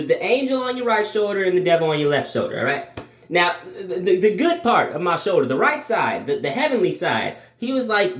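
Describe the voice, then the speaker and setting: A young man telling a storytime vlog, swearing, restarting sentences, animated. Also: sits high, reverberant. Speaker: vlogger.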